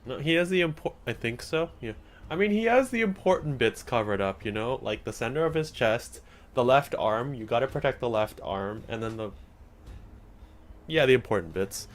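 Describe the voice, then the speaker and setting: A young man casually commenting on his game stream, chatty and rambling, with quick asides. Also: medium pitch, lively intonation.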